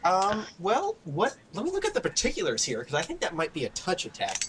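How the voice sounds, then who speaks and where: Animated man running a tabletop game. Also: high-pitched, brisk, rough recording. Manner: animated storytelling narration. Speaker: game master.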